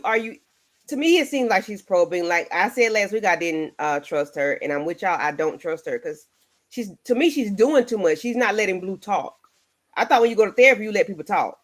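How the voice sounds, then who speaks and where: Animated woman panelist. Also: mid-range voice. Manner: animated, rhetorical questions. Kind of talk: casual panel discussion.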